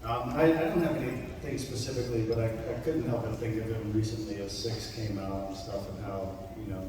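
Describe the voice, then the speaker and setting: A man speaking earnestly and haltingly as a panelist at a fan convention. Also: lowish voice, steady tone, noisy background. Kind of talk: reflective panel talk. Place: large convention hall. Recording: echoey convention hall, far mic, crowd.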